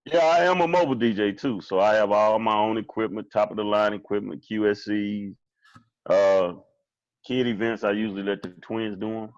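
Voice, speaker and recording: A man's voice: on the low side, fairly even intonation, normal speed, no echo. A man guesting on a podcast as a DJ, joking in laid-back casual banter. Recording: dull dry lo-fi mic.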